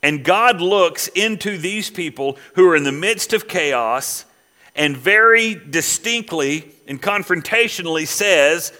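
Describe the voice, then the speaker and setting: A middle-aged man preaching, his voice bright and fairly high. He lifts his voice on the scripture quotes and drops low for quiet personal asides. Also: lively intonation, a little slow. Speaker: pastor. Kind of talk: sermon.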